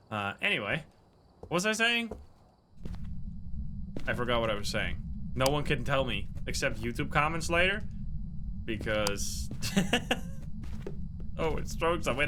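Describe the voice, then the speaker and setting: A man streaming a ghost-hunting game, chatting casually, mumbling then bursting into loud excited outbursts and swearing. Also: on the high side, background noise. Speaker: streamer playing a horror game. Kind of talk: casual livestream commentary.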